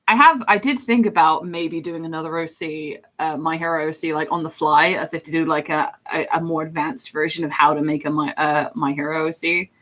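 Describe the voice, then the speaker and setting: On a live stream, a young woman chats casually with viewers at normal speed, her slightly bright voice swinging widely in pitch as she answers them. She is giggly and self-deprecating.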